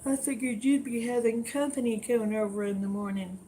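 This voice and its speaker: A woman's voice: a little high, a little fast, mellow, slight background noise. An older woman chatting with viewers on a late-night livestream, folksy and tired. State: tired, yawning. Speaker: livestream host.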